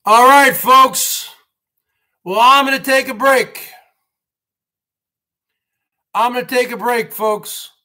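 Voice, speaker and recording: A man rambles through a livestream monologue in a high, bright, slightly tense voice. He takes his time and drags out his phrases. He keeps repeating himself and turning to his viewers as folks. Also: takes it slowly, long pauses. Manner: ranting, repetitive, keeps addressing viewers as folks. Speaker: livestream host.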